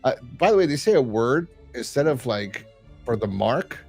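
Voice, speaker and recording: A man's voice: medium pitch, sing-song, normal speed, darkish tone, breathy edge, soft background music. A man hosting a review podcast, chatting casually and rambling with lots of fillers. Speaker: podcast host reviewing a horror episode. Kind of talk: casual chat.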